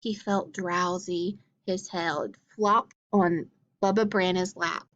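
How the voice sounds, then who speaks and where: A woman reading a children's picture book aloud and pausing to explain things simply for young listeners. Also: mid-range voice, steady tone, fairly bright tone, highs cut off. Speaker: storyteller.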